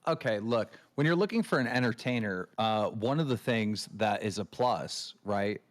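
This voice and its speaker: A man hosting a livestream, telling a long story in a ranting, swearing way and mimicking others in shrill voices. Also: animated, moderate pace. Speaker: show host. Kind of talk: casual livestream chat.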